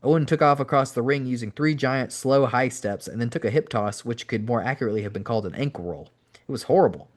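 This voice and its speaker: A man's voice: medium pitch, quick pace. A man, a podcast host, reading an audiobook aloud in an amateur style, now and then correcting his own slips. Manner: steady reading with occasional self-corrections.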